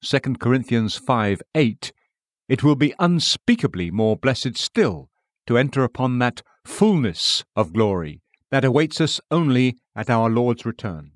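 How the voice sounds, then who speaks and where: A man reading a Christian devotional book aloud in a measured, solemn voice, slowing down for scripture quotations. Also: medium pitch, very animated, no echo, clean studio sound.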